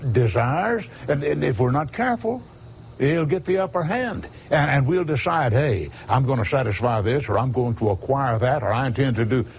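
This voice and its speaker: A man's voice: medium pitch, a little mellow, a little hiss or hum. A man preaching a sermon, quoting scripture by chapter and verse and asking his listeners questions.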